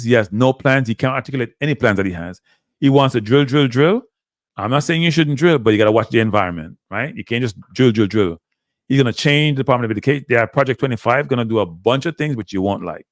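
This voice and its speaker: A man talks in loose, animated live commentary. He keeps addressing his viewers as "people" and repeats his points. His medium-pitched voice is recorded close and dry, with no room sound. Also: dry recording. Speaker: livestream host.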